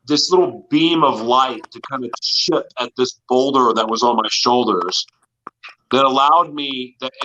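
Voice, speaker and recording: A man's voice: medium pitch, bright, forceful tone, slight background noise, poor audio. A man in an interview, telling his personal story in an earnest, confessional way. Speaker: guest.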